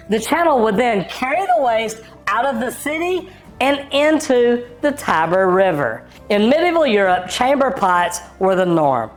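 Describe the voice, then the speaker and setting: Female narrator, educational video, jokey asides, bouncy, animated delivery, fairly high voice, faint music behind. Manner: jokey and conversational, very lively intonation. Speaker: narrator of a plumbing education channel. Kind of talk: scripted narration with casual asides.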